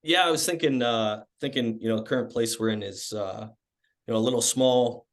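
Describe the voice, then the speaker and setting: A Canadian man role-playing a hesitant young father who is browsing for a bigger home, in a mock sales call, halting with many fillers. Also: medium pitch, pitched below the performer's own voice, natural voice.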